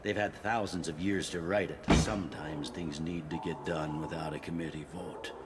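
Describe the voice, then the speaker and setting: A pragmatic police captain in a video game, his voice deep and low. He talks gruffly and matter-of-factly, with no patience for paperwork. Steady noise sits under the game audio. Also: moderate pace. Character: blunt male station police captain, pragmatic.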